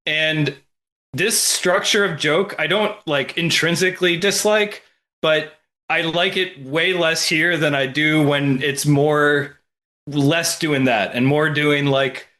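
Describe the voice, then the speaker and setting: A man's voice: a little high, fairly even intonation, takes it slowly, pushed and bright. A man chatting casually on a film podcast, thinking aloud and often saying "like.".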